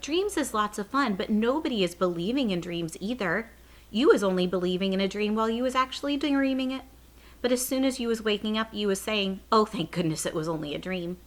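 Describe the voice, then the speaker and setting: A woman voicing a gentle, stubborn old male giant in a read-aloud children's story, speaking with folksy, jumbled grammar. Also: mid-range voice, expressive, brisk, natural voice.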